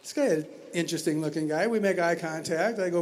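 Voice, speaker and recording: A man's voice: on the high side, fast talker, darkish tone, slight background noise. Wry man telling a story on stage. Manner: conversational and wry, with asides and restarts. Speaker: talent show performer. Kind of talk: spoken storytelling. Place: community center stage.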